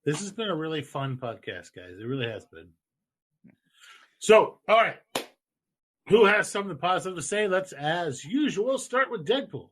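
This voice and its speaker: A man's voice: high-pitched, sing-song, moderate pace, a bit bright. A man hosting a casual podcast, upbeat, calling on each co-host in turn. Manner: upbeat, runs the round, calls on each guest.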